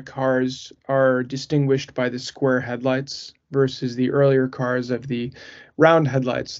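This northeastern American man co-hosts a podcast in a mid-range, creaky voice with a darkish tone. His talk wanders casually, packed with fillers and false starts, captured on muffled, lo-fi audio.

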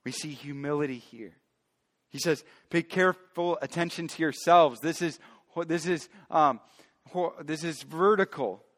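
A male pastor preaching a sermon emphatically, moving between loud declarations and quiet, hushed asides. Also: on the high side, unhurried, big-room sound.

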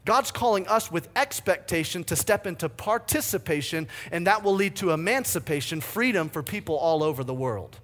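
A man in his thirties preaching a sermon, energetic and fired up, telling stories with big swings in his voice. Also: high-pitched, moderate pace, hardly any pauses. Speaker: pastor.

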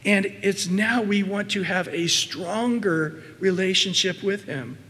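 High-voiced man preaching in a reverberant hall. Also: a little slow. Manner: emphatic preaching, drops to soft low asides, rises to loud mimicry. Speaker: pastor. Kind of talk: sermon.

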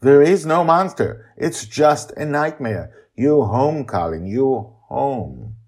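A man voicing a desperate father in an audio story, urging and commanding loudly to save his daughter. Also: mid-range voice, big pitch swings, takes it slowly, breathy edge, voice pushed up, exaggerated voice. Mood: urgent. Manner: urgent, commanding, shouting.

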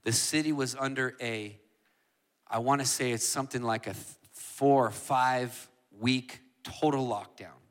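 A man preaching a passionate sermon as a guest speaker, building from quiet asides up to shouting. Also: medium pitch, a little slow. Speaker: guest preacher and worship leader.

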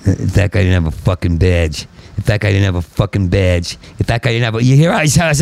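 A man, a stand-up comedian, in a profane rambling rant, stuttering and repeating syllables and swinging into angry shouting. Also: sits low, brisk, creaky, hardly any pauses, no echo.

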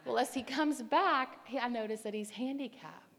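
A woman preaching a sermon, her fairly high voice animated and emphatic as she tells a story. Her words ring out with a long hall reverb. She leans hard into key phrases. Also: moderate pace, creaky.

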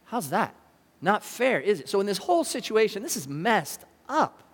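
A man with a high voice preaches in a loose, talky way and keeps asking his listeners questions. His words ring out through a large hall with a long reverb trailing behind them. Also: normal speed, breathy edge. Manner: conversational, animated, asks the audience questions. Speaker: pastor. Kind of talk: sermon.

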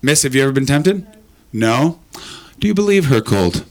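A man's voice: mid-range voice, very animated, moderate pace. A man hosting a live comedy podcast, joking crudely and teasing the audience. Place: live show venue with an audience.

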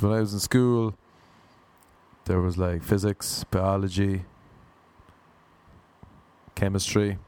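Brief: young male comic, low voice, exasperated storyteller. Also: slow, long pauses, clear, resonant tone. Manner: exasperated, animated retelling. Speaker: comedian.

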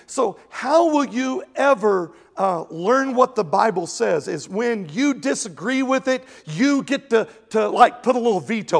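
A man preaching a sermon in a high, gravelly voice. He is animated, cracks jokes in asides and keeps mimicking the people he quotes. His pitch rides up and down as he presses his points. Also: a little slow, few pauses, long reverb tail. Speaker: pastor.

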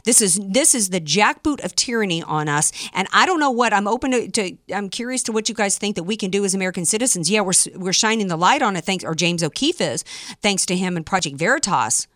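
A woman's voice: medium pitch, expressive, fast, a bit bright, dry recording, studio quality. Indignant woman talk radio host. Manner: indignant, emphatic, with many fillers and restarts. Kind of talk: opinionated political talk radio. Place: studio, also streamed live online.

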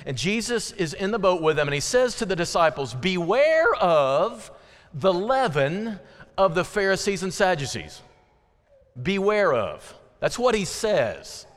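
A man delivers a sermon in a conversational, animated way, now and then acting out voices as he teaches. His voice sits high and moves a great deal in pitch. The sound carries the long reverb of a large sanctuary. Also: moderate pace. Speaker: preacher. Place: church sanctuary.

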